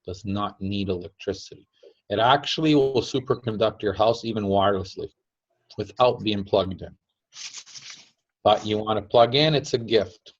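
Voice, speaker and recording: A man's voice: lowish voice, moderate pace. Man teaching in dull lo-fi sound. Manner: chatty, laughs often, acts out quotes. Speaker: teacher of a device-building group.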